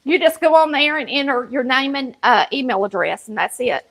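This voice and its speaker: A woman with a high, creaky, fairly bright voice cooks in her home kitchen for her cooking show, chatting folksily to viewers in a country Southern accent. Her pace is moderate and the audio is poor.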